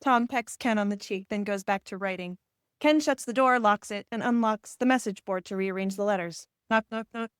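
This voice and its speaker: A woman reading a screenplay's stage directions aloud in an even, plain way. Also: mid-range voice, moderate pace, smooth, no room sound, clean studio sound. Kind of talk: scripted narration.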